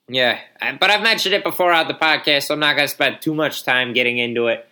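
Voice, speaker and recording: A man's voice: medium pitch, moderate pace, sharp tone. A young man in his twenties hosting a casual solo podcast, rambling with lots of fillers and sarcastic grumbling while yawning now and then. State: yawning, a bit drowsy. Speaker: podcast host.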